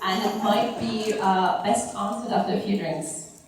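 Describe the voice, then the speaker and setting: A woman's voice: mid-range voice, measured pace, distant mic. A woman fan politely asking the panel a question at an audience mic. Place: large convention hall. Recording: echoey hall taped from the audience.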